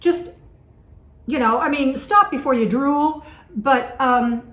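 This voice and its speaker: A woman's voice: sits high, slow pace, fairly bright tone. A woman teaching singing in a conversational, encouraging way, breaking off to demonstrate sung vowels. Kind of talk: vocal lesson with sung demonstrations. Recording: echoey room with faint background noise.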